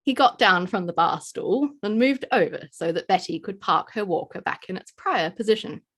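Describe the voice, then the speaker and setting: A woman's voice: medium pitch, moderate pace, husky. A woman reading a story aloud as narrator, giving small voice shifts to quoted characters. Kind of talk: scripted narration.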